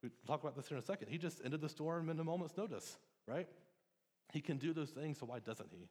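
This pastor, a man in his thirties, has a fairly high, darkish voice and speaks fast and expressively. He gives an earnest, conversational sermon with frequent restarts and ums, his words echoing with the long reverb of the church sanctuary.

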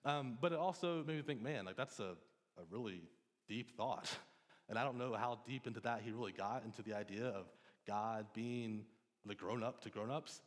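A man in his thirties, a pastor, speaks at a normal pace in a mid-range voice. His sermon in the church sanctuary is earnest and conversational, full of ums and restarts, with the long reverb of the hall behind it.

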